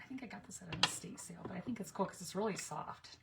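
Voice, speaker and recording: A woman's voice: on the low side, animated, fast, vocal fry, very noisy. A middle-aged woman rambling through stories in a casual craft vlog, chatty and laughing between asides.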